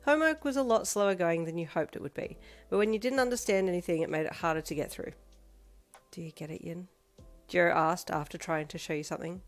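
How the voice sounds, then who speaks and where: A woman reading a second-person fanfiction story aloud in a steady, even manner. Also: lowish voice, fast. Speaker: fanfiction reader. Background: faint backing music.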